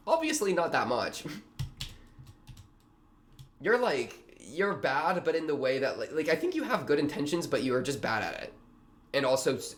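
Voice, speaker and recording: A young man hosting a reaction video, talking in a rambling, slangy way with lots of fillers. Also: mid-range voice. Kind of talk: casual reaction commentary.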